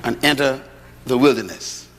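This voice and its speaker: A middle-aged man preaching a sermon to an audience, lively, with rhetorical questions and humorous storytelling. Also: mid-range voice, moderate pace, slight background noise. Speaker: pastor. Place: large hall with audience. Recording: echoey hall, faint ambience.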